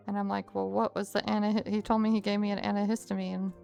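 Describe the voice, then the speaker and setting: A young woman streamer telling a story to her chat in a casual, animated way with frequent laughs. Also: medium pitch, moderate pace, creaky, soft background music.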